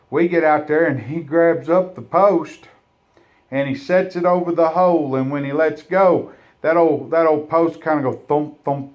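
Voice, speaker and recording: A man telling a funny folksy story, rambling with halting restarts. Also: fairly high pitch.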